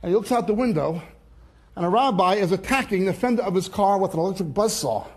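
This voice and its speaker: High-voiced man preaching. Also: animated, fast talker, darkish tone, slightly rough. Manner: joke-telling, then scripture reading. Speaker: Bible teacher. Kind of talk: sermon opening with jokes.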